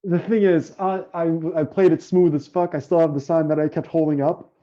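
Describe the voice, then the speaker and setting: Hesitant, mellow-voiced man on a muffled mic. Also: fairly high pitch, flat delivery, moderate pace. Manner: hesitant, lots of ums, swears casually. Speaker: player. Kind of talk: casual chat at a tabletop game.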